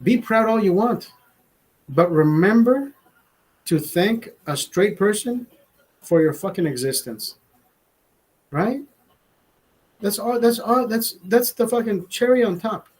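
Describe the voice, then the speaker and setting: A man's voice: high-pitched, expressive, slow, pauses often, darkish tone, slightly rough, low-quality recording. Rambling, profane man on a livestream. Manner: rambling, profane, stammering restarts; laughs at own jokes. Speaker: livestream host. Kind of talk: casual livestream chat.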